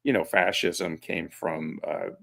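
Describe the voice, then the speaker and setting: A man's voice: sits low, fairly even intonation, takes it slowly, creaky, fairly bright tone. A man as a guest in casual chat, hesitant and searching for words.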